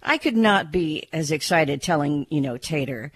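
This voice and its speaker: A woman's voice: low voice, animated, moderate pace, dry recording. A woman reading a radio news update about pets in a chatty, informal way and breaking into light laughs. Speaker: news reporter.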